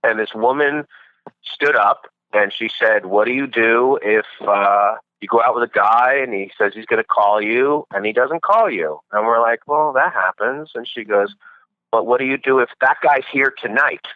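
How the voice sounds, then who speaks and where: A man calling into a podcast as a guest, telling dating-show stories in a casual, animated way. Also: mid-range voice, normal speed, no echo. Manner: storytelling, animated retelling. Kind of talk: casual chat by phone. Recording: dull lo-fi call-in line.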